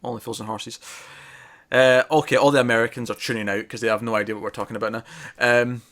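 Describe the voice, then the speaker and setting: A man reviews an episode in relaxed, rambling conversation. He trails off and restarts often and breaks into quick laughs. His voice sits at an everyday middle pitch. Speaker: podcast co-host reviewing TV. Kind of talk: casual review chat.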